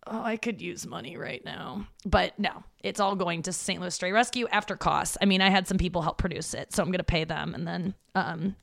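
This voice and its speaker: A woman comedian rambles through a solo podcast with a gravelly, fried edge to her voice. She mocks herself and swears freely, and the sound is dry, with almost no room echo. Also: on the low side, fairly even intonation, a little fast, hardly any pauses, fairly bright tone. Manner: rambling, self-mocking and profane. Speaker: stand-up comic and podcast host. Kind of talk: casual solo podcast monologue. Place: room in her parents' home.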